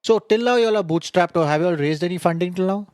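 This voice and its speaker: Podcast host, a man with a slightly high voice. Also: fast talker. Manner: brief acknowledgements, lively questions. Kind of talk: interview questions.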